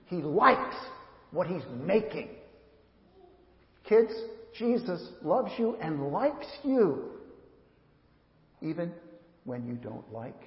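A male pastor with a fairly high voice preaches in a church sanctuary. He is earnest, circles back and repeats his phrases, and talks straight to the kids. The sound rings through a long, echoey hall and comes across a bit dull. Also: very animated, slow pace, long pauses. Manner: earnest, repeats and restarts phrases, speaks directly to children. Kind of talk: sermon.

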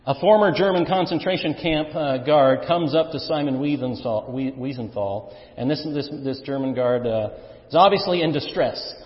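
Emphatic preacher man in an echoey hall. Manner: emphatic preacher, swinging between loud stresses and quiet low asides. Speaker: pastor. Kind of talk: sermon. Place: church sanctuary. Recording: echoey church hall, dull sound.

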